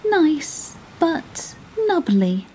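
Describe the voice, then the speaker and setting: A woman's voice: sits high, big pitch swings, very slow, warm tone, a little hiss or hum, voice pushed up, exaggerated voice, poor audio. A woman voicing a small, clever male fish in a bedtime storybook, speaking in a small, sly, persuasive voice.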